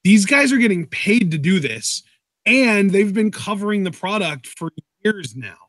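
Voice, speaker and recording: A man with a fairly high voice talks through a live wrestling show, mixing chatty trivia with quick calls of the moves. The sound is dry and close to the mic. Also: expressive, a bit bright, dry recording. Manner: chatty, fact-checking, quick play-by-play. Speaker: co-host, wrestling commentator. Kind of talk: casual live reaction commentary.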